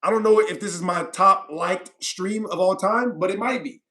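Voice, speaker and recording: A man's voice: sits high, normal speed, pushed and bright. A man from California hosting a livestream, chatting casually and reading viewer comments aloud, rambling and repeating himself with frequent laughs. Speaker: livestream host.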